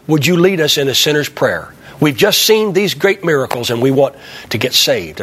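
An older male preacher tells a testimony from the pulpit, taking on the voices of the people in his story. His voice sits a little high for a man. It rises and falls widely as he speaks. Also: fairly bright tone, breathy edge.

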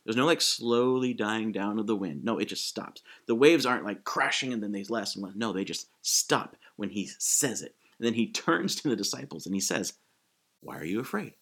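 A man preaching a sermon in a casual, animated way, acting out quick quotes as he goes. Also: lowish voice. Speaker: pastor.

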